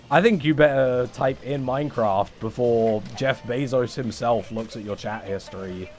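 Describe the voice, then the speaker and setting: Young english guy rambling on stream, sarcastic n sweary, mid pitch, bit of faint room hiss. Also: normal speed, hardly any pauses, darkish tone. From England. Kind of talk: casual livestream chat.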